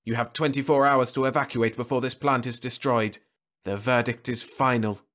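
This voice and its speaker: A man's voice: medium pitch, steady tone, normal speed, fairly bright tone, voice pushed up, natural voice. A man voicing a cold, ironic male voice that delivers a final verdict.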